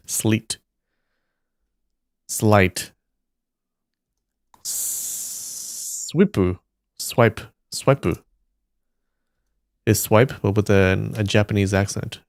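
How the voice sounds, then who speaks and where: A man streaming live, thinking aloud and slowly sounding out syllables as he works through a word puzzle. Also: on the low side, vocal fry, no echo, clean studio sound. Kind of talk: casual muttering while solving a word puzzle.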